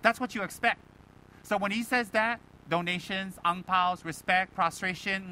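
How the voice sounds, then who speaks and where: A Buddhist teacher giving a dharma talk to students, animated and emphatic, firing rhetorical questions and mimicking other people. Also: male voice, high-pitched, normal speed, slight background noise, low-quality recording.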